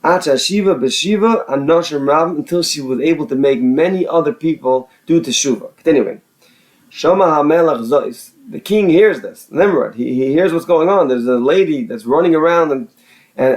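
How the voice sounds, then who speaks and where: Man, slightly high voice, halting, repeats words, reads a line then translates it, casual teaching. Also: a little mellow. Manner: reads Hebrew phrases then explains in casual English. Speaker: Torah teacher. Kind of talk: reading a text aloud and translating it phrase by phrase.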